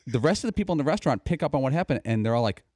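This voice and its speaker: Fast-talking man recounting a prank. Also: mid-range voice, sing-song, darkish tone, no echo. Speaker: show crew member. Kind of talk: casual storytelling.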